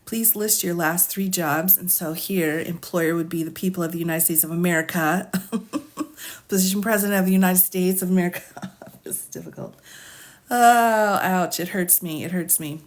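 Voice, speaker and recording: A woman's voice: on the low side, lively intonation, moderate pace. A woman attorney on a live stream who reads questions from a legal form aloud, then muses over them with frequent laughs and asides. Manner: asides, musing and thinking out loud.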